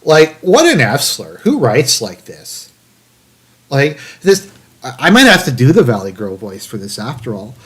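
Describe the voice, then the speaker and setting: A man's voice: mid-range voice, wildly swooping pitch, unhurried, a bit bright. A man streaming live commentary, reading an article aloud in a raised, mock-dramatic tone and cutting in with dry, profane, sarcastic asides full of fillers. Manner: profane, rambling, many fillers.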